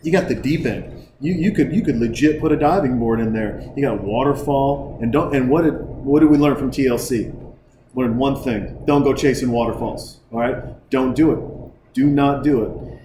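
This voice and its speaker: A man's voice: medium pitch, moderate pace, noisy background. Rambling, profane man in an echoey bar. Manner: profane, jokey, excitable. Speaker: podcast host reviewing a film. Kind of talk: casual rambling commentary. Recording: echoey room with loud background ambience.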